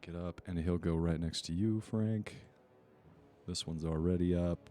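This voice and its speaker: A man running a tabletop horror game as game master, giving quick matter-of-fact rulings. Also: sits low, steady tone, dark tone.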